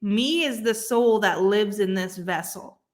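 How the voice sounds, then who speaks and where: A woman's voice: mid-range voice, a little slow. A young woman co-hosting a podcast, talking earnestly in casual chat, swearing freely and restarting her sentences often. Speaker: podcast co-host.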